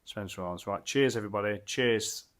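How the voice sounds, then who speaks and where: A man's voice: on the low side, normal speed, fairly bright tone. A man casually reviewing a beer as he tastes it, enthusiastic and rambling, with lots of fillers and restarts.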